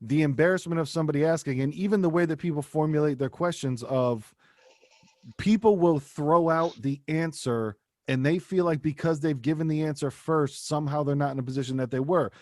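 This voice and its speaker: A man co-hosting a podcast, chatting casually and acting out quoted lines with lively, profane storytelling. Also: a little high, brisk, no room sound, studio quality. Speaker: podcast co-host. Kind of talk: casual chat.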